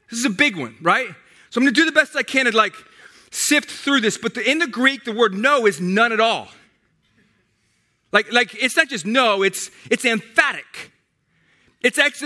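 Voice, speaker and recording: A man's voice: sits high, pushed and bright. A man pastor preaching a sermon, emphatic and repetitive, with many restarts.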